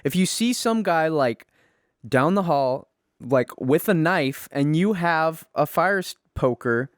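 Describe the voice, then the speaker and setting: A man's voice: on the high side, animated, slow pace, dry recording, studio quality. A young man co-hosting a podcast, arguing his side in a rambling, confident way. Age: young adult. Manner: rambling, lots of "like" fillers, confident. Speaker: podcast co-host. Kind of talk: heated casual debate.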